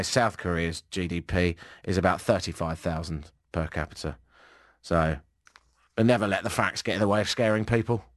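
A man's voice: sits low, dry recording, studio quality. A man hosting a radio show in casual chat, with a wry, sarcastic way of talking.

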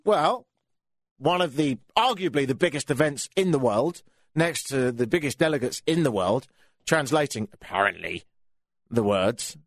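A man's voice: on the high side, dry recording. An English man hosting a talk radio show, grumbling through a sardonic rant into a studio microphone. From England.

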